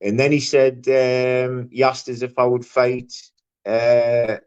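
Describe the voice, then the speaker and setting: A man co-hosting a livestream panel, arguing loudly, swearing and mimicking the people he argues with. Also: medium pitch, level tone, takes it slowly, clean tone. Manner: loud, sweary, mimicking others. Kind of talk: heated livestream argument. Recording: muffled lo-fi stream audio.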